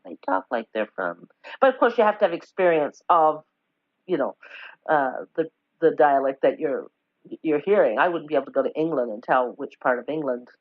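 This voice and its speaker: A deep-voiced woman from Newfoundland, Canada, is interviewed on a podcast, chatting casually in a rambling, self-correcting manner with warm, laugh-filled storytelling. Her recording is dry, dull and lo-fi.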